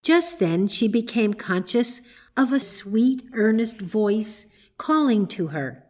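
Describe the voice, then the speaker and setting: A woman reading a children's story aloud in measured, gentle narration. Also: a little high, lively intonation. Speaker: reader. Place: church.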